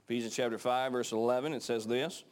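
A man's voice: medium pitch, steady tone. A man preaching a sermon, joking with the congregation about marriage, then reading and praying. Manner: joking, conversational, slows to read scripture. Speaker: pastor. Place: church in front of a congregation.

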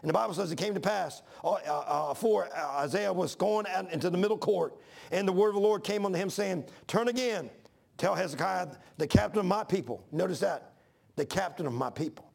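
A man's voice: high voice, brisk, vocal fry, a little mellow. A man in his sixties preaching a folksy, repetitive sermon to his church. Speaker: pastor.

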